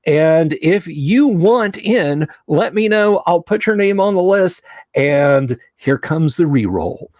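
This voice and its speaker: A man's voice: on the high side, expressive, takes it slowly, darkish tone, no room sound, clean studio sound. A man hosting a casual livestream, chatty, reading viewer names aloud and laughing easily. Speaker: livestream host.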